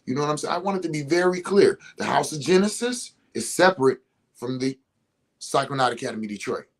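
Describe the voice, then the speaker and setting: Animated, profane man telling a story. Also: medium pitch, fairly quick. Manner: animated, profane, acts out quotes. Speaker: healer and host. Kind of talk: casual storytelling talk. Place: house, indoors.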